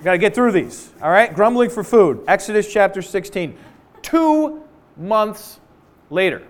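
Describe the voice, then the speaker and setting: A man preaching a sermon to a congregation indoors, animated and jokey in a conversational way. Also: high-pitched, a little slow. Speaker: pastor.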